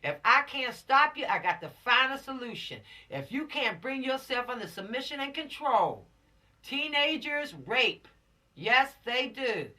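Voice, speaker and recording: Woman instructor, bright voice, preachy and emphatic lecturing, recorded from across the room. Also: high-pitched, big pitch swings, measured pace, distant mic. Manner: preachy, emphatic, repeats warnings, drops into slang. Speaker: law course instructor. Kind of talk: lecture to teens.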